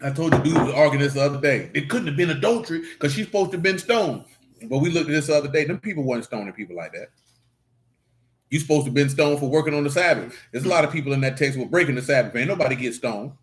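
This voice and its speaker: A man teaching scripture in a casual stream, joking and swearing in street slang, with sudden animated outbursts. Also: fairly high pitch, fast. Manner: animated preaching with rising outbursts. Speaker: Bible teacher.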